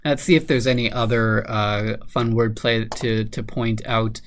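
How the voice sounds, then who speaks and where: A man's voice: lowish voice, steady tone, measured pace. A man solving a crossword aloud in a casual, hesitant think-aloud manner, then reviewing the grid. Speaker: crossword solver.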